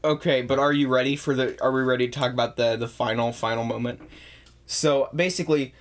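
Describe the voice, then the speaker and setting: Excitable chatty movie reviewer. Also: medium pitch, a little fast. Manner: excitable, animated retelling, erupts into shrieking laughter. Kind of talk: casual chat.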